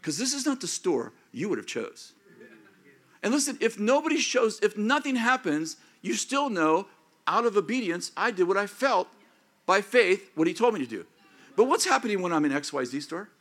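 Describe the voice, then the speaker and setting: Man preaching a sermon, fifty or older, high-pitched, very lively delivery, acts out prayers. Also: normal speed. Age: 50s or older. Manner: animated, acts out prayers and inner thoughts. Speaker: pastor.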